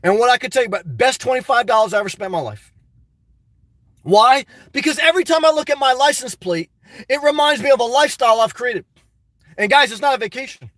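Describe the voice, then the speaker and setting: A man live-streaming a casual vlog, reading comments aloud and answering them in an animated, repetitive, exclamatory way. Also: very high voice, quick pace, no room sound. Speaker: YouTube vlogger answering live chat.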